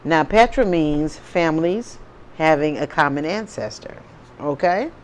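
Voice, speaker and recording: Tarot reader vlogging loose and chatty, mid-pitch voice, keeps going "okay?" and "you know what im saying", faint hiss behind. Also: expressive, a little slow. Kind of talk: casual spiritual vlog monologue.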